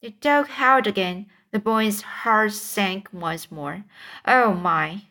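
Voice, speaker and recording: A woman's voice: medium pitch, expressive, slow pace, pushed and bright. A woman reading a children's storybook aloud, stumbling and restarting words often. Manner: stumbling read with frequent restarts. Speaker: audiobook reader. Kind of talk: storybook narration.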